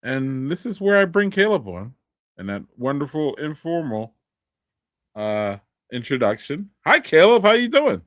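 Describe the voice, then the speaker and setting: A man hosting a casual live stream chat, folksy and animated. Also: a little high, a little slow, dry recording, clean studio sound. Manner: animated, folksy, says y'all. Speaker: podcast host.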